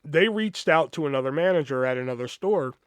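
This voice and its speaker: A man hosting a podcast, telling a story in a casual, animated, profane way and acting out the quoted voices. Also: a little high, brisk, clean tone, no room sound, clean studio sound. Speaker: podcast host.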